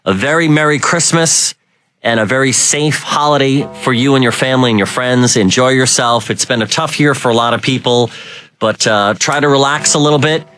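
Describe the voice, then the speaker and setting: A man's voice: mid-range voice, brisk, a bit bright, soft background music. A man from Rhode Island hosting a talk radio show, telling stories in a rambling way with many fillers. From Rhode Island, United States. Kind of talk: casual talk radio chat.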